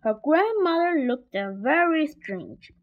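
A woman reads a children's story aloud in a simple, deliberate way. Her voice sits fairly high and she reads slowly. The recording is dull and lo-fi. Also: sing-song. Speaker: story reader.

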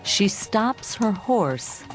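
A woman narrating a graded-reader story in a measured, clearly articulated way. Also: mid-range voice, very animated. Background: background music.

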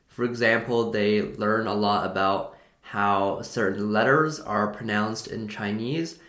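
A man's voice: fairly low pitch, fairly bright tone. A man hosting a language-learning talk, explaining in a loose, unscripted way and often rephrasing himself mid-sentence. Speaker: English learning podcast host. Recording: echoey room.

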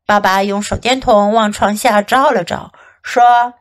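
A woman English teacher reading a picture book aloud in two languages and repeating sentences for practice, slow and expressive. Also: mid-range voice. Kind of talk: bilingual storybook reading and lesson.

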